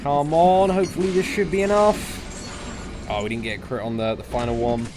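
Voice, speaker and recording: A young man casually commentating his mobile game live, chatty and jokey, thanking viewers as he plays. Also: moderate pace. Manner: chatty, jokey, lively pitch jumps when excited. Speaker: gaming livestream host. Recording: faint music behind.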